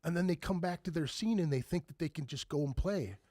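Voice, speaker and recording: Man, 40s, podcast guest, animated storytelling, profane, husky, higher pitch. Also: fast talker, no echo, studio quality. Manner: animated, profane, acts out quoted lines loudly. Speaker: band member guest.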